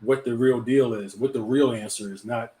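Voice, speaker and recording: A man's voice: mid-range voice, fairly even intonation, moderate pace, mellow. A man hosting a live talk show, chatting casually and often repeating words as he gets a thought going. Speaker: host.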